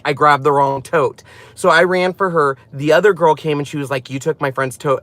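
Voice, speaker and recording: A man's voice: fairly high pitch, steady tone, brisk, fairly bright tone, no room sound. A man in his thirties hosting a casual live stream about his craft channel, chatty and rambling, often laughing as he talks.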